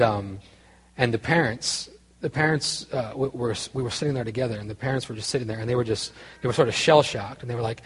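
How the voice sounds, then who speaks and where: Man, pastor, husky voice, long hall reverb, chatty sermon, lots of restarts. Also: medium pitch. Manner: conversational, self-interrupting, grows quiet and earnest. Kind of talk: sermon with storytelling.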